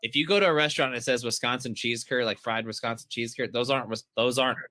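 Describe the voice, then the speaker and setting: Podcast cohost guy telling rambly stories and laughing, bright punchy voice, dry sound. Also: mid-range voice, steady tone, quick pace, no room sound. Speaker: podcast co-host. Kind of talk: casual chat.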